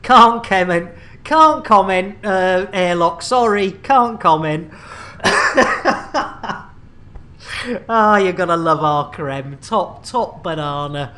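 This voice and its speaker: A man's voice: high voice, takes it slowly, sharp tone. A man streaming a space game, rambling and joking with repeated catchphrases. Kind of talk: live-stream commentary.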